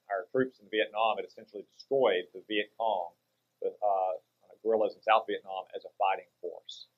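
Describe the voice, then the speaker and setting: A man, a senator guesting on a talk radio show, speaking in a measured, lecturing way. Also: on the low side, dull audio. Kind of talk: political interview.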